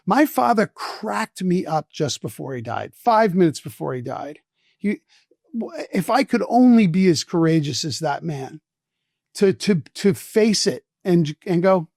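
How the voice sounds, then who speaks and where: Man, 60s, podcast guest: slightly high voice, dry close sound, animated storyteller. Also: normal speed, vocal fry, no room sound. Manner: animated, profane anecdotes with quoted voices. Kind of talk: storytelling in casual conversation.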